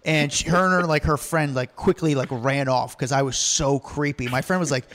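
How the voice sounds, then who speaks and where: A man's voice: on the high side, fairly even intonation, moderate pace, fairly bright tone. A man telling stories in a casual chat, acting out the lines he quotes and laughing often.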